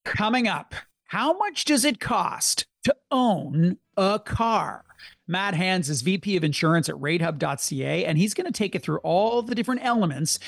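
A man hosting a money show, friendly, with quick asides. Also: high voice, expressive, gravelly, dry recording. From Canada. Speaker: radio show host.

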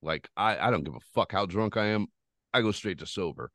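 A man with a lowish voice recounts a wild story on a podcast, swearing freely and rambling along. The sound is dry and close, with no room around it. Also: fairly quick, dry recording. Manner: profane, rambling, animated retelling. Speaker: podcast host. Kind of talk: casual storytelling chat.

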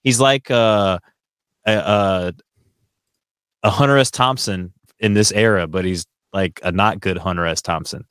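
A man's voice: low voice, unhurried, a bit bright, clear, resonant tone, no echo, studio quality. A man co-hosting a casual chat podcast, telling a long story in a rambling way with many fillers and restarts. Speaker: podcast co-host.

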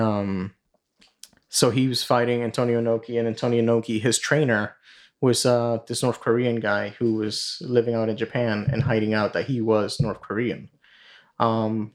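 A man's voice: fairly low pitch, fairly even intonation, normal speed. A man hosting a podcast, casually retelling a story in a rambling way full of fillers and swearing. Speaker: podcast host.

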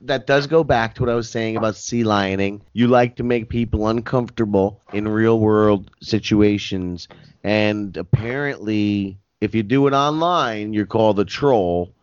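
A man's voice: fairly low pitch, a little slow, clear, resonant tone, no room sound, highs cut off. A man co-hosting a podcast, wry and self-mocking in casual comedy banter. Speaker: podcast co-host.

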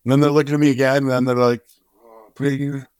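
A man guest on an interview show, telling stories in an animated way and acting out the voices of the people in them. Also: very fast, clean tone, dry recording. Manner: animated, acts out quoted voices with big pitch jumps. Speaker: charity co-founder, guest. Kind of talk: storytelling in an interview.

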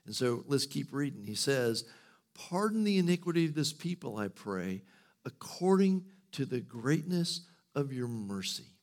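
A man's voice: mid-range voice, a little slow. Casual, humorous male pastor preaching. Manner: casual, humorous, lively storytelling. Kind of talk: sermon.

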